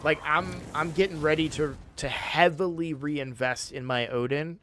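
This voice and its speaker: A man's voice: on the high side, steady tone, normal speed, a bit bright, slight background noise. A man chatting casually on a game live stream, sleepy and yawning, rambling with frequent restarts.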